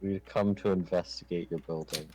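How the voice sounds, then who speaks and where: A man in a casual gaming chat, speaking with dry, deadpan quips. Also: low voice, normal speed, over music, poor audio. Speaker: friend on game server.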